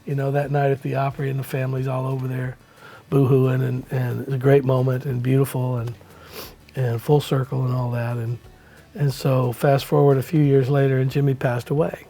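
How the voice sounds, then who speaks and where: A middle-aged man, a musician guest, telling a rambling story in a relaxed way, with many fillers and acted-out quotes. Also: medium pitch, a little fast, creaky. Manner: acts out quoted lines in the story. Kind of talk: casual anecdotal storytelling.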